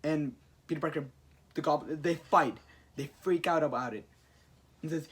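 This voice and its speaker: A man on a podcast, casually retelling a comic storyline and acting out the characters' lines in excited bursts. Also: a little high, moderate pace, long pauses, husky. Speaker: podcast co-host recapping a comic. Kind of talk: casual chat.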